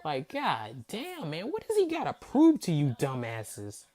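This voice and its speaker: A man's voice: on the high side, wildly swooping pitch, unhurried, a little mellow. A man hosting a sports reaction video, ranting in heated, profane disbelief and repeating himself for emphasis. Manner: mocking, disbelieving. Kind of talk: angry fan reaction rant.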